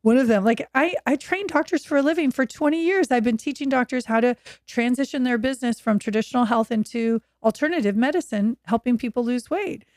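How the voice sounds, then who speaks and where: A woman's voice: fairly high pitch, a little fast, no echo, clean studio sound. A woman in her fifties from Oregon, a podcast guest telling her own story candidly on a video call and acting out quoted voices. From Oregon, USA. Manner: animated, acts out quoted voices.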